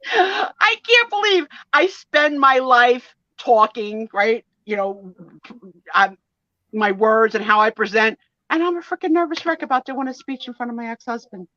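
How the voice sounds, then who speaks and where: A woman in her sixties chatting casually on a live stream, an animated storyteller who acts out the voices in her stories. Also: fairly high pitch, measured pace, no echo, highs cut off. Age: 60s. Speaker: co-host of a live sale and chat stream. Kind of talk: casual chat.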